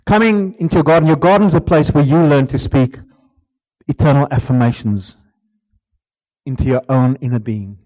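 A man preaching a sermon as pastor, swinging from emphatic declarations down to hushed near-whispers. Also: mid-range voice, normal speed, long pauses, muffled recording.

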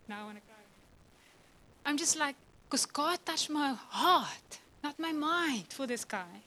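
A woman's voice: high-pitched, a bit bright, low-quality recording. A woman preaching a passionate, emotional sermon to a church, often laughing and voicing God's words.

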